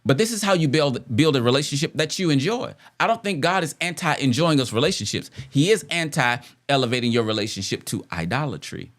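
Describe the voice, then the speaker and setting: A man talking about relationships in a loose, conversational way. His pitch moves around a lot, and he often asks rhetorical questions and circles back to repeat phrases as he works out his point. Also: animated, a little fast, hardly any pauses, fairly bright tone. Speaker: podcast host. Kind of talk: casual relationship talk.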